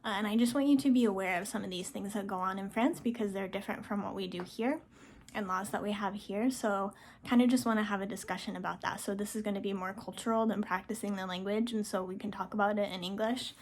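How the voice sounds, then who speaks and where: A woman's voice: mid-range voice, steady tone, quick pace, a little hiss or hum. Casual woman teacher giving reminders. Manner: casual, with frequent ums, firm reminders. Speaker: French teacher. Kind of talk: recorded class announcement.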